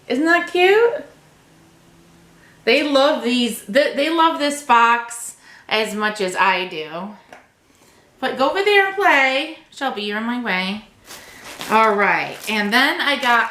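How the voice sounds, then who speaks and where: High-voiced woman gushing over an unboxing. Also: lively intonation, takes it slowly, sharp tone, reverberant. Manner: gushing, talks to her cat in a doting voice. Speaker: vlogger. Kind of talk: casual unboxing chat.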